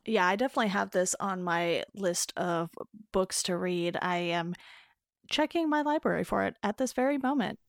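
A young woman co-hosting a podcast in casual chat, relaxed and agreeable, often laughing lightly as she talks. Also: on the low side, normal speed, creaky, dry recording, clean studio sound. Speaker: podcast co-host.

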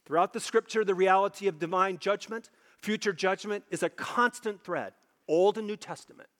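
A man preaching a sermon, emphatic, repeating phrases for stress and slowing low on key points. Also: fairly bright tone, long reverb tail.

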